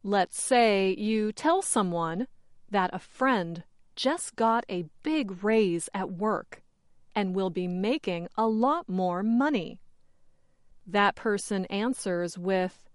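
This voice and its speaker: A woman hosting an English-learning program, reading a scripted lesson slowly and with careful, clear enunciation. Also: mid-range voice, no room sound, clean studio sound. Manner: measured, carefully enunciated delivery. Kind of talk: slow, clearly scripted teaching narration.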